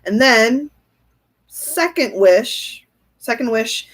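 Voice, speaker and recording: A woman's voice: on the high side, expressive, extremely slow. Chatty, giggly woman reading tarot. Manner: chatty, giggly, thinks aloud; answers viewer comments. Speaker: tarot reader. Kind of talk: casual tarot reading livestream.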